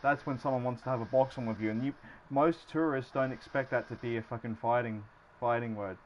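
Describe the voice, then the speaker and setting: A man's voice: medium pitch, fairly even intonation, fairly quick. An Australian man in loose, sweary livestream banter, rambling from one thought to the next and laughing along. His voice comes through a dull, lo-fi mic with a faint hiss underneath. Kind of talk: casual chat.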